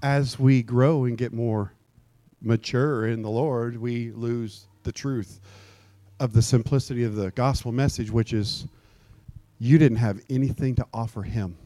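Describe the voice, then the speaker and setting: A pastor preaching a sermon in a lively, joking way, slipping into mock old-fashioned prayer voices. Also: male voice, medium pitch, measured pace, dry recording. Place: church.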